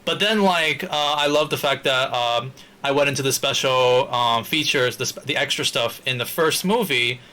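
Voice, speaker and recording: A man's voice: mid-range voice, moderate pace, pushed and bright. A man chatting casually about games as a guest, rambling and laughing a lot. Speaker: podcast guest. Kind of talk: casual gaming chat.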